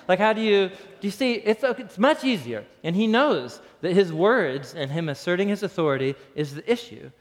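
A man preaching a casual, animated sermon, often breaking into laughter. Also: a little high, moderate pace. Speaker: pastor. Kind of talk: conversational sermon. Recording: long reverb in a hall.

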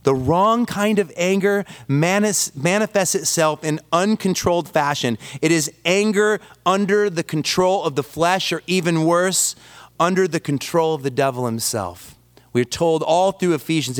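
A man's voice: fairly high pitch, smooth. A man preaching a sermon, telling stories with self-deprecating humor. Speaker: pastor.

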